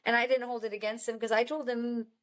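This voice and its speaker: A woman's voice: a little high, level tone, fast talker. A young woman sharing a personal story as a podcast guest, chatty and candid, filling her speech with "like" and small laughs. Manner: chatty, many "like"s, laughs between lines.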